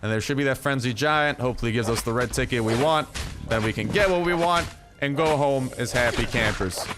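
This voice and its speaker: A man's voice: mid-range voice, brisk. Young male gaming YouTuber, loose filler-heavy jokey delivery, faint music bed underneath. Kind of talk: casual gameplay commentary.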